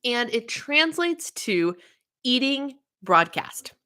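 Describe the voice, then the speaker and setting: Woman host, chatty and upbeat, bright voice, for a casual livestream. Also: on the high side, big pitch swings, slow. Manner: chatty, greets viewers by name, frequent laughs.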